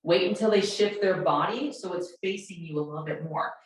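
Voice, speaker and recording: A woman runs a workshop for educators, her voice sitting low for a woman's. She speaks directly and slips into short acted-out conversations with students. The sound is very echoey and distant from the mic. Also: a little fast. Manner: acts out sample dialogues with students, direct. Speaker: workshop presenter.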